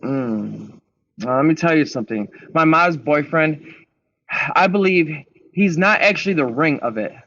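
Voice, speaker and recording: A man's voice: on the high side, animated, measured pace, a bit bright, highs cut off. Blunt, profane man telling his story. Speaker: podcast guest. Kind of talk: candid storytelling interview.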